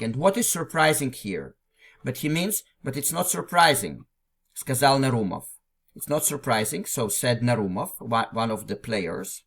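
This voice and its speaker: A male teacher talks through a classic text phrase by phrase at a middling pitch. His delivery is patient and unhurried. He circles back, repeats words and restarts sentences as he explains. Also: creaky, a bit bright. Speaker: language teacher. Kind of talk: explaining a literary text line by line.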